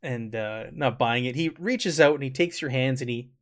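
A man running a tabletop game as game master, narrating in a relaxed way and laughing often. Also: mid-range voice, normal speed.

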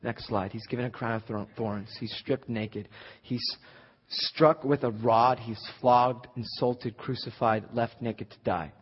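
A man preaching a sermon as a guest speaker, conversational at times and building to loud, emphatic peaks. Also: medium pitch, fairly even intonation, a little slow, breathy edge. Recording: echoey hall, slightly dull sound.

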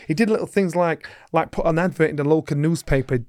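A middle-aged man tells a story in an interview. His voice sits a touch higher than most men's. He acts out each person in the story and climbs loud and high at the big moments. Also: a little fast. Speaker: guest, former boxing world champion.

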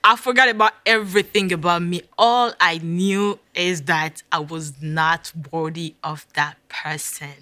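Woman sharing her faith story, low-ish bright voice, dry close sound, real emotional. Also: fairly even intonation, measured pace, few pauses, no room sound. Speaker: speaker sharing a testimony. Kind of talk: personal faith testimony.

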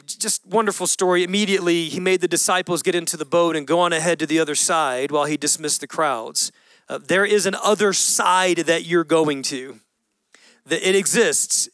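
Pastor, male, high and bright voice, clear and dry, casual animated preaching. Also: no echo. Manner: animated storytelling, acts out voices, casual slang. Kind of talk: sermon.

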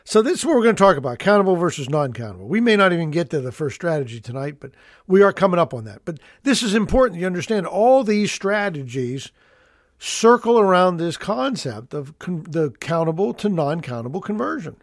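This educational radio-style show is hosted by a middle-aged estate planning attorney with a high-pitched, very animated voice and a brisk pace. He explains rules with folksy emphasis and keeps repeating the key points. The studio sound is clean, with no echo.

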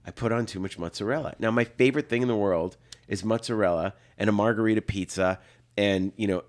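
A man around fifty, a film director, telling animated anecdotes as a guest and acting out the lines he quotes. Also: fairly low pitch, brisk. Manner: lively storyteller, acts out quotes, laughs often.

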